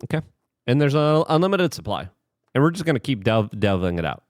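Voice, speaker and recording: A male commentator delivers political talk in a heated, sarcastic way, often addressing the viewer directly. His pitch rises and falls in lively swings. The sound is dry and close, with no room behind it. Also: a little fast, no room sound.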